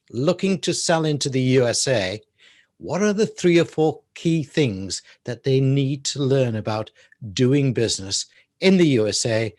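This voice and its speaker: A man's voice: medium pitch, no room sound, studio quality. Chuckling male interview host. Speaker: show host. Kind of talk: interview conversation.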